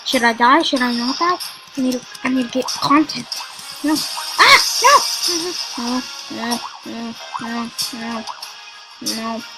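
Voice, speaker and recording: A woman giving excitable, casual commentary on a video game she is playing, talking straight to her viewers and often repeating herself. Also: a little high, a little slow, rough recording. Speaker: gaming video creator. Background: music.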